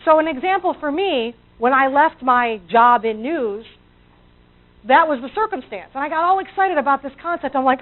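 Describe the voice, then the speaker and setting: Animated high-voiced woman motivational speaker. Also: moderate pace. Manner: animated, acts out inner voices, asks the audience questions. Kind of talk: motivational talk to a live audience. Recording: tinny, phone-like audio.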